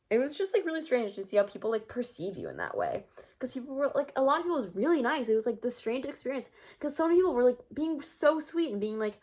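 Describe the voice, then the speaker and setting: A woman's voice: on the high side, big pitch swings, fairly quick, a little mellow. A teenage girl vlogging in a casual, rambling, self-mocking monologue full of filler words. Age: teens.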